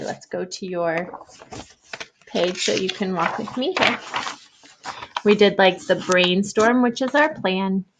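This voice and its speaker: A young adult woman teacher giving an online writing lesson to young children, thinking aloud in a gentle, encouraging way. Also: medium pitch, a little hiss or hum.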